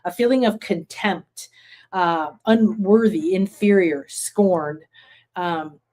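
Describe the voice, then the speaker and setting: Woman, healing teacher; animated, acts out emotions in short outbursts. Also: fairly low pitch, takes it slowly.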